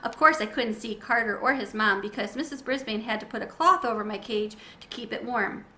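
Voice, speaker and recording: A woman reading a children's chapter book aloud in an expressive, gentle way. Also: a little high, fairly quick, a little hiss or hum. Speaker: storybook reader.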